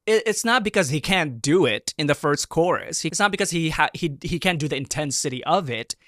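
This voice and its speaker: A young man hosting a reaction video, excitable and gushing, breaking into bursts of shouting and laughter as he breaks down a dance performance. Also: on the high side, a little fast, no echo, clean studio sound. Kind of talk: animated reaction commentary.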